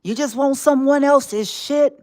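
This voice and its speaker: High-voiced woman taunting slowly. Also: darkish tone. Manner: mocking, drawling, with laughs and whispered asides. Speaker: spiritual live-streamer. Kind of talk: taunting monologue in the voice of a tempter.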